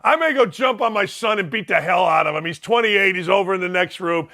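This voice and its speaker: A middle-aged man hosting a sports talk show, loud and fired up, ranting with bursts of shouting. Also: high-pitched, fairly quick, vocal fry.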